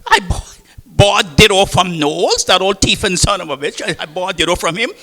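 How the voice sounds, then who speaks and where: A man's voice: sits high, very animated, moderate pace, sharp tone, pitched above the performer's own voice, exaggerated voice. An older man with a Caymanian accent voicing an angry sailor's wife who curses indignantly. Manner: indignant, cursing. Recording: reverberant hall.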